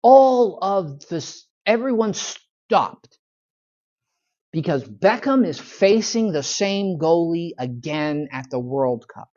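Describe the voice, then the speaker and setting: A man's voice: on the high side, expressive, slow pace, darkish tone. A man, a pastor teaching a church Bible study in a folksy, conversational storytelling manner. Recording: dull lo-fi church recording.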